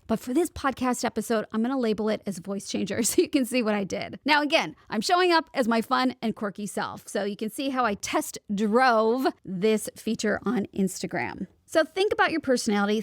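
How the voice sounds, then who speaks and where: A woman's voice: fairly high pitch, no echo, studio quality. A young woman hosting a solo podcast, giving upbeat, chatty advice as a voiceover actor.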